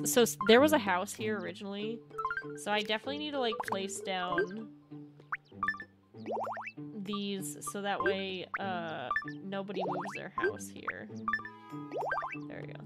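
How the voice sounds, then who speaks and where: A woman giving casual, rambling commentary while playing a video game. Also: medium pitch. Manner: rambling, chatty. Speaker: gaming youtuber. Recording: game music behind.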